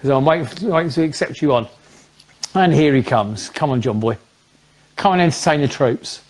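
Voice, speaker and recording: A man's voice: on the high side, moderate pace, darkish tone. Upbeat English man hosting a stream. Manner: chatty, jokey, upbeat. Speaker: host. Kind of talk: casual live-stream chat.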